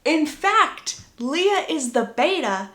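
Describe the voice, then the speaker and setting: A young woman with a fairly high voice talks through a story recap in a chatty, wry way. Her voice rings in a roomy, echoey space. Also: sing-song, slow pace, fairly bright tone. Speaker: book recap creator. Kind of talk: casual plot recap. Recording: roomy echo.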